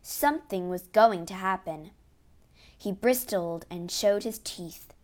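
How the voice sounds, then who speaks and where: A woman reading a children's adventure story aloud in a steady, expressive way. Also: mid-range voice, slow. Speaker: narrator.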